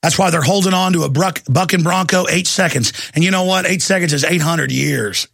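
A man hosting a talk show, delivering a heated, ranting monologue with bursts of shouting. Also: on the high side, a little fast, creaky, no room sound.

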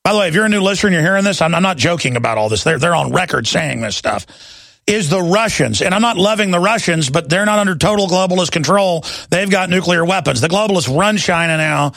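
A middle-aged male radio host with a high, gravelly voice pushes hard through a heated political rant. He is dry and close on a studio mic, with faint music under him, and he stumbles over repeated words when he gets going. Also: expressive, fast talker, fairly bright tone, no room sound. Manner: intense, emphatic, repeats words when worked up. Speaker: radio talk show host.

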